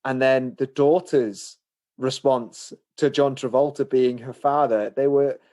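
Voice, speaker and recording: A man's voice: mid-range voice, steady tone, a little slow, warm tone. A man co-hosting a movie review podcast, chatting casually and retelling scenes with amused asides. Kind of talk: casual chat.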